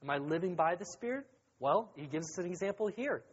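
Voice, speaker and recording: A young adult man preaching as a youth pastor in a casual, joking, conversational sermon that rises to excited emphasis. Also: sits high, a little fast, slightly rough. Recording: dull lo-fi recording.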